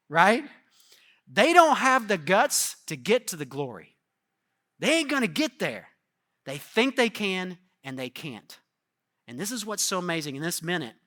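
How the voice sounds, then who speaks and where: A man preaching a sermon as pastor in a church. He talks in a casual, conversational way and swings between loud stresses and quiet asides. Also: sits high. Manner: casual and conversational, calls the crowd "guys" and "dude".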